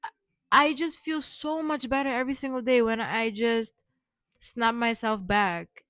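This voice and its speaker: A young woman vlogging casually, rambling with many fillers and restarts, speaking warmly affirming words to her viewers. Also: fairly high pitch, fairly even intonation, unhurried, no room sound, studio quality. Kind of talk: rambling personal vlog.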